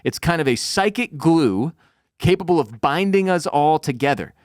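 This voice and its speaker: A calm, overly courteous middle-aged official, put on by a man retelling a scene, speaks in a soothing, reassuring tone. His voice sits fairly high and moves in a lively way. The sound is dry and close. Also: moderate pace, no room sound, close to an everyday voice. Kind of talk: acted quote in a podcast recap.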